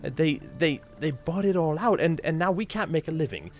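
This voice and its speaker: A man's voice: on the high side, lively intonation, moderate pace, pitched above the performer's own voice, lightly acted. A man voicing a desperate, ragged male townsperson who pleads and stammers. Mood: pleading.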